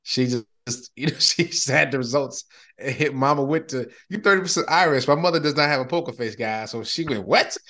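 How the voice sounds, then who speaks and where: A middle-aged man hosting a podcast in casual chat, animated and slangy, often laughing. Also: mid-range voice, brisk. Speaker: podcast host.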